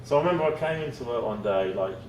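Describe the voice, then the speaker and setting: A man's voice: mid-range voice, racing. Rambling man, roomy and distant. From England. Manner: rambling, laughing, swearing, quoting people in lively voices. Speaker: guest, comic writer. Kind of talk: casual storytelling chat. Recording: roomy, off-mic, noisy podcast.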